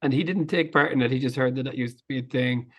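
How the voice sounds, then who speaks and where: A man's voice: mid-range voice, quick pace, a bit bright. A man co-hosting a casual podcast, dryly summing up a book and often laughing. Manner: laid-back, dry, giggly summarising. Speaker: podcast co-host. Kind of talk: casual comic book-review chat.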